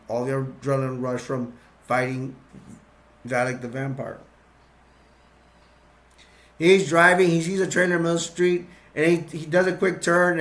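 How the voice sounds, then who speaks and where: A man casually retelling a movie plot, rambling and excitable, with restarts and sound effects. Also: mid-range voice. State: sugar-boosted, energetic. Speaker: movie recap vlogger.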